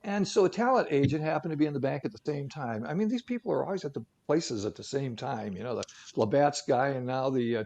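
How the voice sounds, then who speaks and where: A man's voice: fairly high pitch, warm tone, lo-fi sound. A man co-hosting a talk show who tells stories casually, with jokey asides and lots of fillers. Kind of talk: casual storytelling segment.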